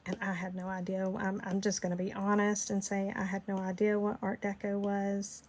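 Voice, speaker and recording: In a mid-range, monotone voice with a darkish tone, a middle-aged Florida woman with a Southern Georgia accent talks at normal speed. She's running a casual screen-recorded design tutorial, chatty and rambling, with easy laughter.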